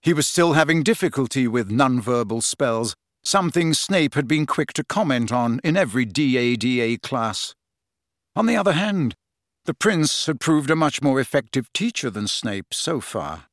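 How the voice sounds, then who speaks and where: A man narrating a fantasy novel as an audiobook, with expressive storytelling. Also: medium pitch, moderate pace, dry recording, clean studio sound. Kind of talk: scripted narration.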